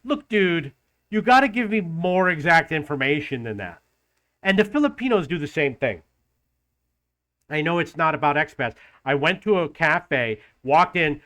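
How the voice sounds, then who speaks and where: A man with a somewhat high-pitched voice rants through a casual vlog story. He sounds exasperated and animated, and he acts out snippets of dialogue along the way. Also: moderate pace. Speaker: travel vlogger.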